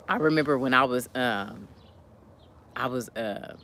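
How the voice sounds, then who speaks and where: A woman telling stories casually to her live chat, animated and laughing often. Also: unhurried, long pauses. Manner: animated, laughs often, jumps high when retelling. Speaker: live streamer chatting with viewers.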